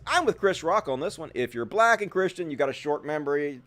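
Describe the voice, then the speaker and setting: A man's voice: fairly high pitch, big pitch swings, brisk, fairly bright tone. A man hosting a live commentary show, ranting sarcastically and swearing a lot. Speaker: host.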